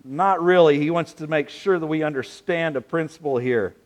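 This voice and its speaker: A man preaching a sermon, playful and animated, drawing answers from his congregation. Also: on the high side, moderate pace. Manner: animated, playful, asks the audience questions. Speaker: pastor.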